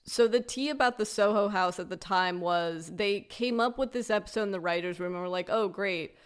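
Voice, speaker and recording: A woman's voice: medium pitch, a little fast, clear, resonant tone. Breezy woman podcaster telling trivia. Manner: breezy storyteller sharing behind-the-scenes trivia. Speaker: podcast co-host. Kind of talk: casual chat.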